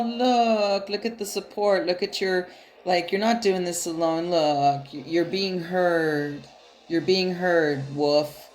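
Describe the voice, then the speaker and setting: A woman's voice: fairly low pitch, a little mellow. A woman giving a casual tarot reading straight to her viewers, chatty and loose, swearing now and then and laughing often. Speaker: tarot card reader.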